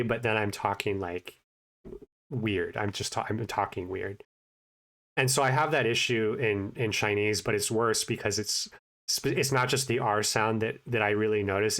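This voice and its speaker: Man, low-pitched, mumbling, hesitant, casual vlog update, self-conscious. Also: a bit bright. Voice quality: naturally mumbling voice. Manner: hesitant, many fillers and restarts. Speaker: vlogger, language learner.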